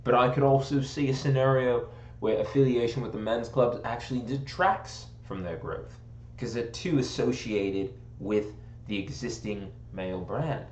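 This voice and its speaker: A man's voice: mid-range voice, moderate pace, darkish tone, slight background noise. Rambling American man in an echoey room. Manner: rambling, self-mocking, joking about slipping into a posh British accent. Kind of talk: casual chat.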